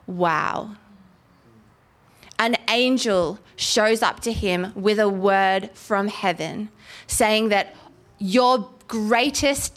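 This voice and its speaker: Woman preacher, animated, fairly high voice, casual sermon, scripture reading. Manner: animated, acts out biblical voices.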